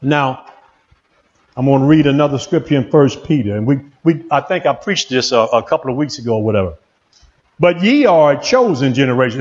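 A male pastor preaching a sermon in an excitable call-and-response manner, in a church. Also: high-pitched, lo-fi sound.

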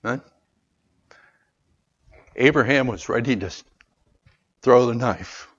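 A man preaching a sermon, calling out for amens and moving between loud, raised lines and quiet, earnest asides. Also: mid-range voice, takes it slowly, husky. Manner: calls for amens from the congregation. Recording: dull lo-fi sound.

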